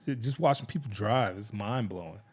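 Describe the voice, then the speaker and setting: A man's voice: lowish voice, moderate pace, breathy edge. A man hosting a podcast, telling stories in a loose, rambling way with many restarts. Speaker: podcast host. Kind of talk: casual chat.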